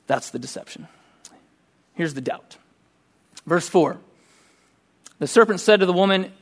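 A middle-aged man preaching a sermon, telling a personal story in a conversational, animated way. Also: high-pitched, measured pace, pauses often. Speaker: pastor.

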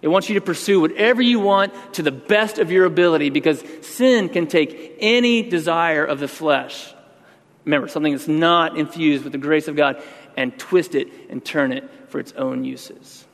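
A man's voice: fairly high pitch, moderate pace, in a large hall. A man pastor giving a sermon, talking conversationally and then building to emphatic outbursts.

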